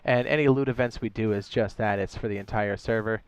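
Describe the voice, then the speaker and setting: A man's voice: fairly low pitch, fairly even intonation, brisk, clean tone, no room sound. A man hosting his own game live stream, chatting casually, reading viewers' messages aloud and often correcting himself. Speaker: streamer and server host.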